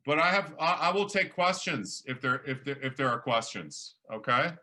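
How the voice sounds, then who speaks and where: A man's voice: medium pitch, expressive, normal speed, pushed and bright. A man hosting a workshop as a professor, chatting casually with many restarts and fillers.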